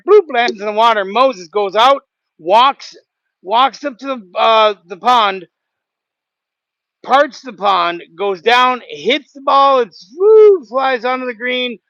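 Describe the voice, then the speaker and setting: A man's voice: high voice, pushed and bright, dry recording, dull audio. A man hosting a casual livestream from a sawmill, telling a rambling joke with goofy sound effects. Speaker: sawmill worker and livestream host. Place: outdoors at a sawmill.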